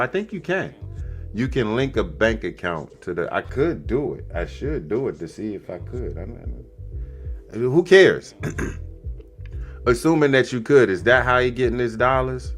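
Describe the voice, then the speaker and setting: A man hosting a podcast, giving loose, repetitive, slangy commentary full of asides. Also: lowish voice. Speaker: podcast host. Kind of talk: casual commentary.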